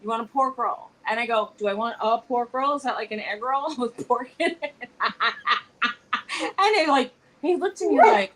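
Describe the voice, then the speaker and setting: Chatty, animated woman, slightly high voice. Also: measured pace, background noise. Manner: chatty, animated storytelling with quoted dialogue. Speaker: co-host. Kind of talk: casual live-stream chat. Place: home.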